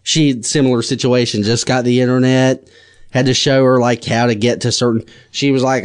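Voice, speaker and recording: A young man chatting casually, telling animated stories. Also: mid-range voice, fairly quick, clean tone. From United States. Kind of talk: casual chat.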